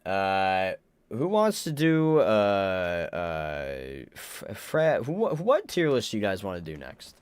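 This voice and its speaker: A man's voice: low voice, huge pitch swings, slow, smooth, no room sound. A young man chatting casually on a live stream, rambling, stammering and joking bluntly as he reacts to viewers. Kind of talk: casual livestream chat.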